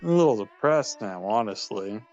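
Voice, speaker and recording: A man's voice: lowish voice, expressive, measured pace, a little mellow, lo-fi sound, faint music behind. A man chatting casually on a late-night stream, laid-back, rambling and often restarting his sentences. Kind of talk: casual chat.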